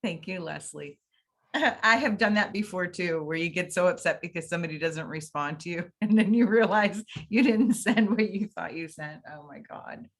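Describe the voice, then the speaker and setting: A woman's voice: on the low side, normal speed. Laughing woman on a group call. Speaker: study group member. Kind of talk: casual chat on a group call. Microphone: video call.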